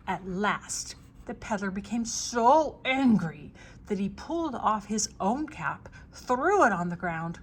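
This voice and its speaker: An older woman reading a picture book aloud to children, slow and expressive, pausing to ask the listener questions. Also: mid-range voice, a little hiss or hum. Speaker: storyteller.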